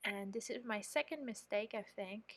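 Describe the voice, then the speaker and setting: Speaking at medium pitch and a normal pace, this home baker and channel host from France talks in a French accent over footage of her baking. She chats along, explains each step, and openly criticizes her own slip-ups.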